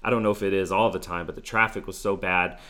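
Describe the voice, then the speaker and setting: Guy telling a story, kinda low voice, rambles a lot, says like every other word. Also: fairly even intonation, fast, pushed and bright. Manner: rambling, filler-heavy, lots of 'like'. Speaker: former team staffer telling a story. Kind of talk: casual storytelling.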